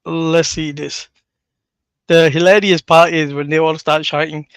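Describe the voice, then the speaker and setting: A man's voice: on the high side, flat delivery, measured pace, a bit bright, clean tone, no room sound. Mocking man streaming live. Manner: mocking, blunt and profane. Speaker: livestream host. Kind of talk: casual livestream commentary.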